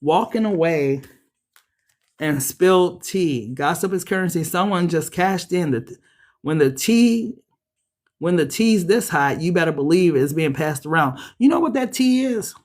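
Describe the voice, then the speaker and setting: A woman giving a casual tarot reading, talking straight to viewers in a blunt, profane way that jumps into high, excited bursts. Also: unhurried. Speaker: tarot reader.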